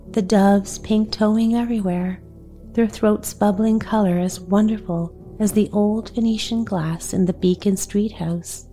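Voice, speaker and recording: A woman reading a bedtime story aloud, gentle, unhurried and soothing. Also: medium pitch.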